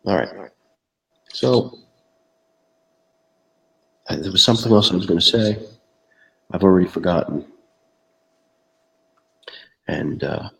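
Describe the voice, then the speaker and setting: A man's voice: sits low, animated, slow, gravelly, pauses often, fairly bright tone, husky, rough recording. A man hosting a mock interview livestream, self-deprecating and hesitant with many fillers. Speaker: host.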